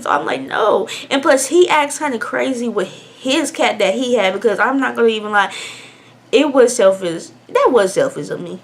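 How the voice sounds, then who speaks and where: Candid young woman telling a storytime. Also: fairly high pitch. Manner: candid, emotional, swings between hushed and loud. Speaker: vlogger. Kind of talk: storytime vlog.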